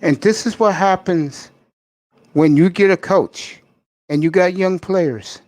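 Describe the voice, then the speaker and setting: New sports-talk host, blunt and opinionated, slightly high male voice, dry close recording. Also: slow pace, darkish tone, no room sound. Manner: opinionated, emphatic, talks to fans directly.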